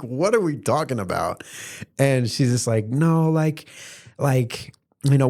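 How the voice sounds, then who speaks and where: A young man with a fairly low voice tells a story on his own podcast. He talks in a loose, casual way and chuckles at the funny parts. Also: a little mellow. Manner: laid-back, laughing as he retells a passenger's story. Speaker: podcast host.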